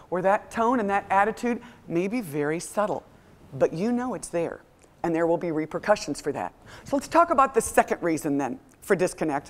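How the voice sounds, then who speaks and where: A middle-aged woman giving a motivational talk to a live audience, telling stories with lively acted-out voices. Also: on the low side. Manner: animated storytelling, acts out quoted voices. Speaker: motivational speaker.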